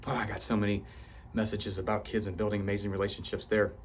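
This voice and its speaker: Speaking fast with a slight hiss or hum in the recording, this man of at least 38 has a lowish voice and a level tone. He's a self-help vlogger giving a fired-up talk on his personal growth, cursing to drive points home as his voice rises with intensity.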